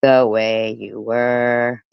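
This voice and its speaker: A woman's voice: a bass voice, level tone, extremely slow, vocal fry, clear, resonant tone, no echo, dull audio. A woman hosting a livestream, talking in a profane, mocking and disgusted way. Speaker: livestream host. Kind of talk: casual livestream commentary.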